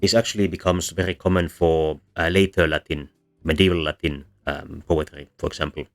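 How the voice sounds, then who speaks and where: Low-voiced guy explaining stuff, lots of ums, quiet music in the back. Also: flat delivery, brisk. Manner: hesitant, many ums and restarts. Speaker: VTuber lecturer on linguistics. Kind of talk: casual explanatory lecture. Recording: soft background music under voice.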